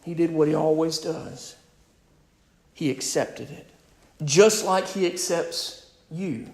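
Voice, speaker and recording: A male pastor preaching a sermon. He is emphatic, swings between loud and quiet, and speaks directly to his congregation. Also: on the high side, slow, echoey room.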